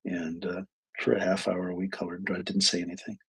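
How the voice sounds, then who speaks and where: Low, rough-voiced man telling a story. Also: monotone, a little fast, a bit bright, low-quality recording. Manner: rambling, with restarts and quoted dialogue. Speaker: psychologist hosting a live stream. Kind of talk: casual storytelling monologue. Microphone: webcam or desk mic on a live stream.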